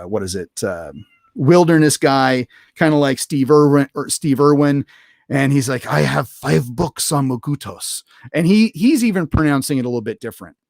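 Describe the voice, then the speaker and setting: A man's voice: mid-range voice, no room sound, clean studio sound. Rambling man recapping an episode. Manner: rambling, many fillers and restarts. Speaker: podcast host reviewing an episode. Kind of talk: casual unscripted episode recap.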